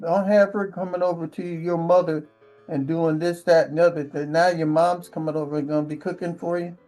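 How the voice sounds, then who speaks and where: Mellow-voiced man giving rambling advice. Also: fairly high pitch, level tone, brisk, soft background music. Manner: rambling storyteller, keeps asking "right?". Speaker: channel host. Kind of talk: relationship advice monologue.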